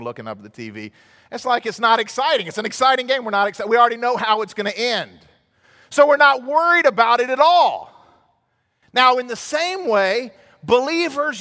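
A pastor delivers a sermon in a conversational, storytelling way and swells into emphatic outbursts. His voice is pitched high for a man. The sound carries a long reverb from a large church hall. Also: sharp tone.

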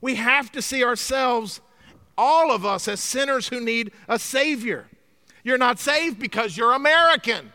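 High, bright-voiced preaching man. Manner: emphatic, swings from loud to hushed. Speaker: pastor. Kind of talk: sermon.

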